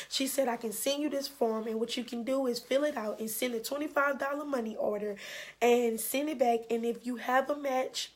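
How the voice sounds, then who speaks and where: A woman, telling a personal story in a candid, animated way and voicing the people she quotes. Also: a little high, moderate pace. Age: 20s. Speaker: vlogger. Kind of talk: emotional storytime.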